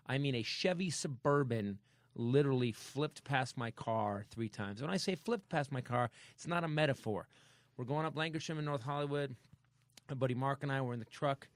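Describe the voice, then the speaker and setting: A man hosting a comedy podcast, telling a story in a casual, animated way and acting out sound effects. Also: medium pitch, moderate pace, dry recording. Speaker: podcast host.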